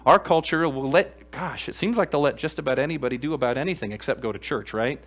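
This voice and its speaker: Guy pastor preaching in church, gets loud then drops quiet, keeps asking the crowd stuff. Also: on the high side, quick pace, few pauses. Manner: emphatic, swings between loud exclamations and quiet earnest asides; addresses the congregation directly with questions. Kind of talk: sermon.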